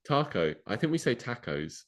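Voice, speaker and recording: A man's voice: low-pitched, animated, normal speed. A young man co-hosting a podcast over a remote call, chatting casually and laughing often. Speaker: podcast co-host. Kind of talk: casual chat.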